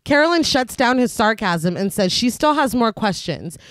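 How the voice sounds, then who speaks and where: A woman's voice: a little high, lively intonation, moderate pace, dry recording, clean studio sound. Woman co-host narrating a film recap. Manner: reads plot summary, laughs often. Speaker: podcast co-host.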